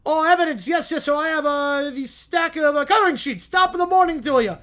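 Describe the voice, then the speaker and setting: A man's voice: very high voice, brisk, bright, forceful tone, voice pushed up. A man putting on a whiny mock-Irish complainer. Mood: whiny, indignant. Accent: fake Irish. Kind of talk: reading a story aloud, doing voices.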